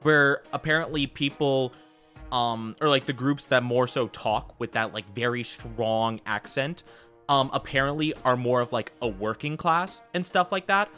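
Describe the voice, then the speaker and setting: A man's voice: medium pitch, unhurried, sharp tone, faint music behind. An American man chatting casually while streaming a game, rambling with lots of fillers and tangents. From United States.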